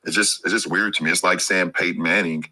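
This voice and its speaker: A man talking casually on a podcast, halting and often restarting his sentences. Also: low voice, steady tone, pushed and bright.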